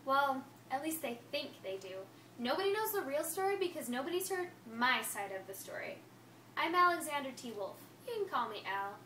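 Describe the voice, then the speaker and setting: A chatty wolf who swears he was misunderstood, told by a woman in a high, lively storybook voice that swoops up and down. It is heard from a distance in an echoey room, with a faint hiss behind. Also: moderate pace. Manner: chatty, innocent-sounding, playful. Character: friendly, self-justifying male wolf. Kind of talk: first-person storybook read-aloud.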